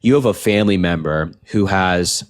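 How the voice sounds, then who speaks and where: A young man hosting a late-night political livestream, ranting earnestly, repeating himself, and reading out chat donations while sounding tired. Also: sits low. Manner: earnest, repetitive, fast rants with filler "like".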